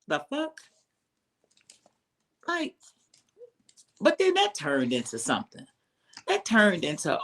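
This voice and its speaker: Heated sarcastic commentary rant, profane, mid-pitched voice, low mutters jumping to high exclaims. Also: sing-song, a little slow, pauses often, a bit bright. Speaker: reality show commentator.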